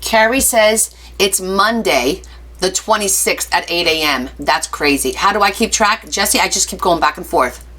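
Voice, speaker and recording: A woman's voice: lowish voice, normal speed, bright, forceful tone. A woman hosting a casual craft live stream, chatty and playful, reading viewer comments aloud and answering them with jokey asides. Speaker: craft livestream host.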